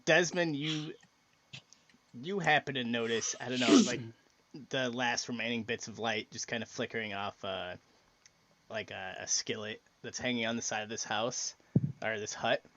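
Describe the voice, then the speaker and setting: A man serving as game master for a tabletop game speaks haltingly, full of fillers and restarts. His voice is medium in pitch and a bit bright, with no room sound.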